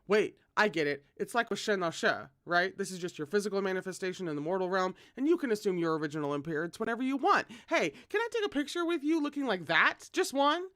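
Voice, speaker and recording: A fan reader voicing an eager, cheeky young male junior officer who talks excitedly and pushily. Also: medium pitch, fast, few pauses, pitched above the performer's own voice, close to an everyday voice. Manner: excited and pushy.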